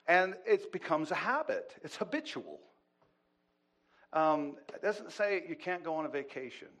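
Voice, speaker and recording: A middle-aged pastor preaches a sermon in an unhurried voice on the high side. He swings from loud, animated bursts to quiet asides.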